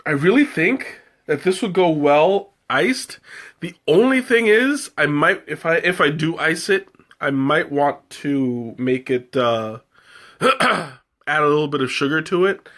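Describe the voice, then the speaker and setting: A man's voice: on the high side, lively intonation, a little slow, a bit bright. A man hosting a live tea tasting, chatting casually and rambling with many fillers and restarts. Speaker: livestream host tasting tea.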